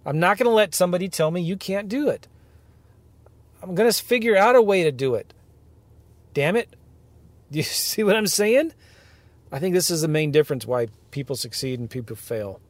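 A man hosting a podcast from his car, ranting in an animated way and firing off rhetorical questions to his listeners. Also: high-pitched, normal speed, long pauses, dry recording. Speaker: podcast host, real estate investing coach. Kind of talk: ranting monologue.

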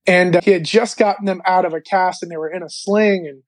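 Animated man sharing a faith testimony. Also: high voice, fast talker, hardly any pauses, no echo. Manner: animated storytelling with many filler words. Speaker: interview guest.

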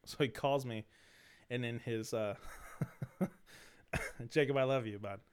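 Slow and clean-toned, this young man's mid-range voice carries his podcast as he wanders through a story. He uses slang, curses freely, and keeps restarting, and his throat is dry, bringing on coughs.

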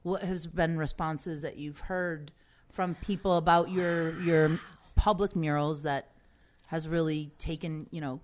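A woman's voice: low voice, fairly even intonation, unhurried, slight background noise. A woman interviewing an artist, asking long questions with repeated words and restarts.

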